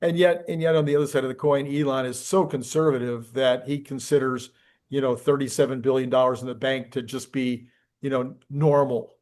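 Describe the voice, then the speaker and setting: A man's voice: mid-range voice, fairly even intonation, a little fast, darkish tone. A man hosting a casual talk, agreeing often and adding his own points about the topic. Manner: agreeable, frequent "right" acknowledgments, laughs easily. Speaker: show host. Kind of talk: casual conversation with a guest.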